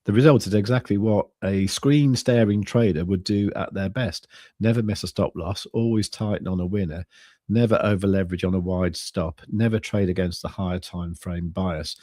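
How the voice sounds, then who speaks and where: A man chatting casually as co-host of a crypto trading stream, rambling and halting, with many restarts and fillers. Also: low voice, mellow, no echo, clean studio sound. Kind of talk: casual chat.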